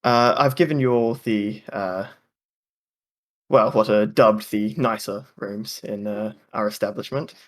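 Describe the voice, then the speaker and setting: A man's voice: fairly low pitch, a little slow, lightly acted. A man voicing a short female halfling innkeeper who is fussy, overly polite and stammers when she gets flustered.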